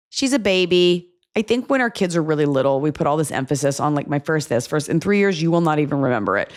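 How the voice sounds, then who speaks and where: A woman hosting an advice podcast, chatting casually and bluntly, acting out the people she talks about. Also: low voice. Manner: blunt, animated, acts out quoted voices. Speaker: podcast host giving advice.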